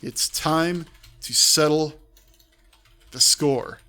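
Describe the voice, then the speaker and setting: Man, streamer, text adventure narration, bright forceful voice, slightly high. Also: expressive, unhurried. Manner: reads aloud with offhand asides. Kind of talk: live-streamed game narration.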